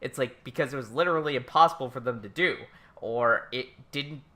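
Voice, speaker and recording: A man co-hosting a podcast in casual chat, talking excitedly, swearing freely and acting out quotes in animated voices. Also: medium pitch, fairly quick. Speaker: podcast co-host.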